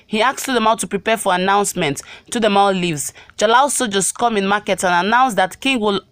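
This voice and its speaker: A woman's voice: mid-range voice, a little fast, hardly any pauses, fairly bright tone, no room sound. A woman narrating an episode recap for her channel, reading the scenes and quotes out plainly.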